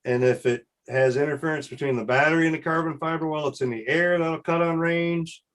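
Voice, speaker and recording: A man's voice: a little high, steady tone, a little fast, fairly bright tone. A man hosting a casual drone chat, explaining things in an easygoing way. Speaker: host.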